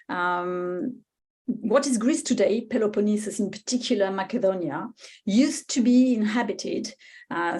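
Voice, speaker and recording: Slow French-accented woman lecturing. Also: medium pitch. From France. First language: Spanish. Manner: hesitant, many fillers and restarts. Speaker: guest speaker. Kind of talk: webinar lecture.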